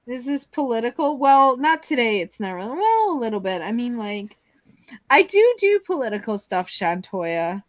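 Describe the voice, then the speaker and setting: A woman's voice: on the high side, very animated, moderate pace, no echo. A woman hosting a casual live stream chat, rambling and giggly as she jumps between topics, heard over a video call.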